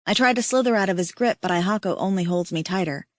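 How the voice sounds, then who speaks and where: A woman narrates a romance audiobook in the first person, fast, steady, and intimate. Her middle-pitched voice is close-miked and completely dry, with no room sound.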